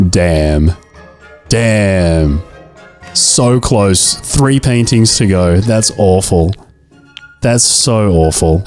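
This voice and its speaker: A young man with a low voice commentates his gameplay in a jokey, mock-tragic way and groans theatrically at his own mistakes. Faint game music plays behind him. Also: a little mellow. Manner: mock-dramatic, self-pitying, jokey. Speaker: gaming video creator. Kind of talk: let's-play commentary.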